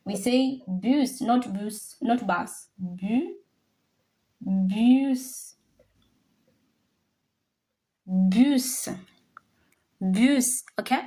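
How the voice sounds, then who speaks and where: Woman, French teacher, unhurried, repeats each word for learners. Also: a little high, dark tone. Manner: slow, repeats words for learners to copy. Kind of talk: classroom language lesson.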